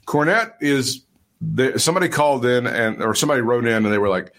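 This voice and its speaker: A man's voice: medium pitch, brisk, fairly bright tone. A man co-hosting a podcast in casual chat, crude and joking, laughing often. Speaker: podcast co-host.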